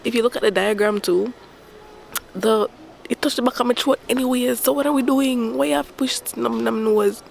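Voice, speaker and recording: A young woman recording a casual video diary at home while sick, her voice stuffy and raspy, talking frankly and with exasperation. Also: fairly high pitch, fairly even intonation, a little fast, slight background noise. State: stuffy, hoarse from illness. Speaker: vlogger. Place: at home by a window.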